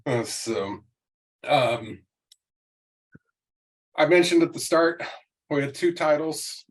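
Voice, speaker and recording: A man's voice: on the high side, animated, takes it slowly, rough recording. A man in his forties hosting a podcast, telling a lighthearted family story in a chatty, joking way. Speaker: podcast host. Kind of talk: casual interview chat and anecdote.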